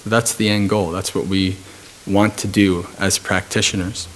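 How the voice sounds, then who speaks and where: A man with a fairly low voice, speaking as a Buddhist monk at a retreat. He gives his dharma talk calmly and at a measured pace. He often pauses and fills the gaps with soft hesitations while he tells a story. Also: slight background noise. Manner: calm, measured storytelling with frequent pauses and fillers.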